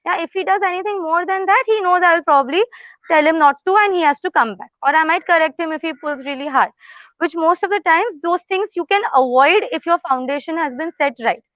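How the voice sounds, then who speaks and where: Chatty high-pitched woman trainer. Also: a little fast, dry recording, highs cut off. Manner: explains in a chatty way, with fillers like "huh?" and "right?". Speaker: dog trainer. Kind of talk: live training demo.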